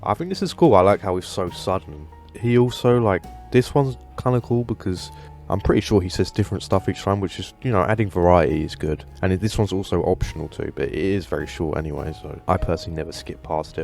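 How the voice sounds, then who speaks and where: A man's voice: low-pitched, fast talker, vocal fry, a little mellow, soft background music. A man hosting a casual commentary video, enthusiastic and rambling, with lots of fillers. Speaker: gaming video host.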